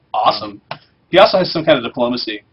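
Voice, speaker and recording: A man's voice: a little high, huge pitch swings, normal speed, muffled recording, a little hiss or hum. A man hosting a game livestream, chatting casually and joking while he plays and reads quest text aloud. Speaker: livestream host playing a game. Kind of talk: casual chat over gameplay.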